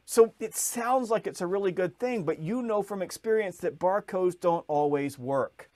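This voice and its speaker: A man with a fairly high speaking voice tells a story with lots of energy, jumping up in pitch as he acts out the people in it. The sound is dry and close, with no room around it. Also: moderate pace, few pauses, dry recording. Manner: lively storyteller, acts out voices, rises in pitch when excited. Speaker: podcast guest, sales author. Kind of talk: animated storytelling in conversation.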